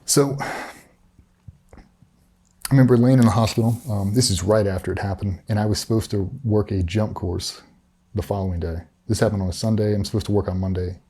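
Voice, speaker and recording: Middle-aged male guest, candid and profane storyteller, dark low voice. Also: fairly even intonation, brisk, breathy edge. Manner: blunt, profane, matter-of-fact retelling. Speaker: interview guest, former special operations veteran.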